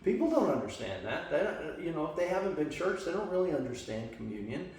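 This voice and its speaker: A man's voice: a little high, sing-song, fast, a little mellow. A man from the western US leading a church study group in a casual, rambling way, full of restarts and fillers. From Las Vegas, western US. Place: church meeting room. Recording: echoey room, distant mic, faint hum.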